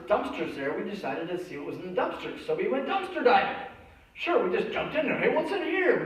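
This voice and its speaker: A man preaching a sermon, telling a childhood story and acting out the voices in it. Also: a little high. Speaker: pastor. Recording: echoey church hall from a distance, dull sound.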